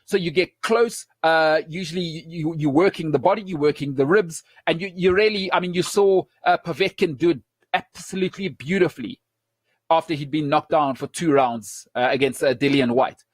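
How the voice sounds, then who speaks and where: A man hosting a sports talk show, speaking forcefully with emphatic repeats and frequent restarts. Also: on the high side, moderate pace, slightly rough, no room sound. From South Africa.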